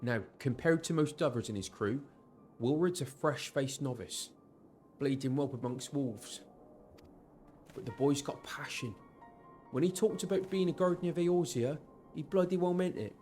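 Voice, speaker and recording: A man voicing a gruff male mercenary officer with a Geordie accent, reading game dialogue aloud in a blunt, folksy way. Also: fairly high pitch, normal speed, darkish tone, soft background music, natural voice. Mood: earnest.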